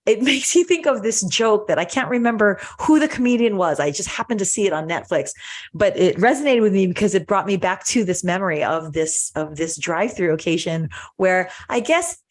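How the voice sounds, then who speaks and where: A woman's voice: mid-range voice, lively intonation, fairly quick. Earnest woman telling a story on a podcast. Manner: earnest, storytelling with fillers and restarts. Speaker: podcast co-host, doctor. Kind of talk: casual podcast chat.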